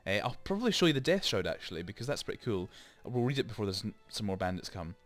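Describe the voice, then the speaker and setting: A man's voice: on the low side, very animated, quick pace, fairly bright tone, faint music behind. A man hosting a let's play, chatting and rambling through explanations with lots of asides, into a desk microphone. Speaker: gaming channel host.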